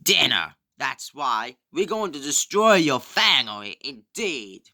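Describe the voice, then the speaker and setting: A man voicing a gloating male villain fish, slow and halting, words repeated, bright sharp tone, homemade toy play. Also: mid-range voice, big pitch swings, exaggerated voice.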